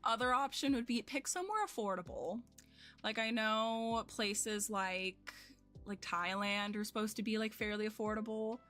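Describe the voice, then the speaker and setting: Young woman streaming at home, bright chatty voice, rambly and self-deprecating, faint music behind. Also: mid-range voice, moderate pace. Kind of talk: casual chat with chat while gaming.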